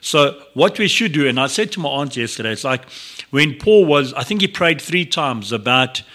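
A man gives a devotional talk on the radio. His voice is bright and forceful. He speaks earnestly and conversationally, often restarting his sentences and stopping for asides. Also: mid-range voice, animated, moderate pace. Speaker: radio presenter.

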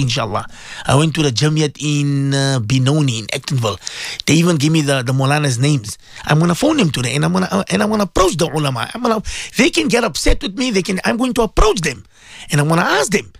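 A man's voice: on the high side, gravelly, no room sound. A man, an Islamic scholar hosting a radio show, talking with emotion and repeating rhetorical questions to his listeners. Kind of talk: impassioned radio talk.

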